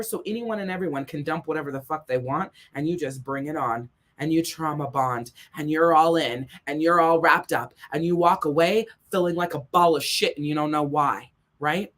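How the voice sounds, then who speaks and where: A woman's voice: mid-range voice, fairly bright tone. Woman, life coach, blunt, emphatic, profane, motivational monologue. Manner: blunt, emphatic, heavy swearing; repeats points for emphasis.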